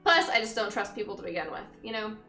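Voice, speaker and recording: A woman's voice: mid-range voice, fast talker, bright, forceful tone, soft background music. A young woman streaming casually, chatting with viewers, laughing often and greeting them upbeat. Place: empty room, indoors. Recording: echoey empty room.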